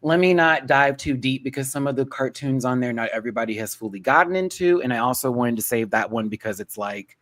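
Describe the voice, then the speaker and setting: Sassy animated male panel host. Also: medium pitch. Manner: sassy, animated, quick asides. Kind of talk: casual panel chat.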